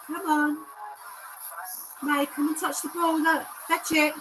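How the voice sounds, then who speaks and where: Woman, paranormal stream host, high and bouncy pet-coaxing delivery, noisy home audio. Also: little pitch movement, slow pace. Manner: sing-song coaxing, like talking to a pet. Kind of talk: coaxing livestream chat. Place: indoors at home, carpeted room.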